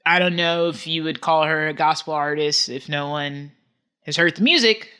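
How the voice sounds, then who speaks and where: A woman's voice: deep voice, moderate pace, bright, forceful tone, smooth. A woman hosting a podcast, chatting casually with jokey asides about reality TV. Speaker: podcast host.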